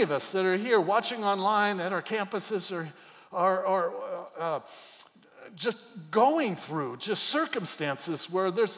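A man preaching a sermon as pastor, swinging from loud cries to near whispers. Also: fairly high pitch, measured pace, long reverb tail. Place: church auditorium.

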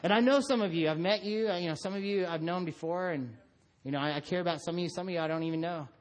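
A middle-aged man preaching a sermon, telling stories about his son and acting out voices. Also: fast. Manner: animated storytelling, acts out his son in a high voice. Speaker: pastor.

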